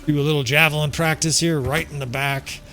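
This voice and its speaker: A man's voice: on the high side, steady tone, fairly quick, pushed and bright. A man giving casual strategy game commentary, joking and swearing as he plays, chuckling often. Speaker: gameplay commentator.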